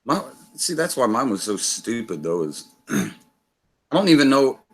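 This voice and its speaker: A man's voice: mid-range voice, sing-song, a little slow, husky. A man hosting a livestream, telling rambling, profane stories in casual chat. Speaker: livestream host.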